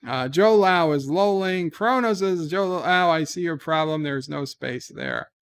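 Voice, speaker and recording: Lively man reading his stream chat. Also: a little high, measured pace, clean tone. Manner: reads viewer messages aloud with animated emphasis. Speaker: livestream host reading chat. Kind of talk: casual livestream chat. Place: home, talking from bed.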